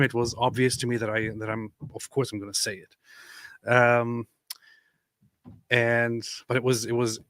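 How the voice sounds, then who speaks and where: A man's voice: medium pitch, a bit bright, no room sound. A man co-hosting a livestream, chatting loosely with viewers and stumbling through fillers and restarts. The sound is dry and close. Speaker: livestream co-host reading super chats. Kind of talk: casual livestream chat.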